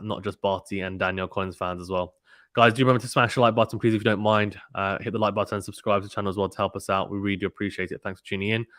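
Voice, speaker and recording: A man with a low voice calls a tennis match play by play for a live stream, brisk and chatty. He stumbles over ums and restarts now and then as he reads out viewer messages. The sound is dry and close. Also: fairly bright tone, no room sound. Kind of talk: play-by-play commentary and reading chat.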